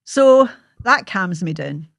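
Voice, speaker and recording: Scottish woman telling her own story, kinda low voice, blunt, swears a lot, no room echo at all. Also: expressive, slow, creaky. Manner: vivid, blunt, swears freely. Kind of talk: personal storytelling monologue.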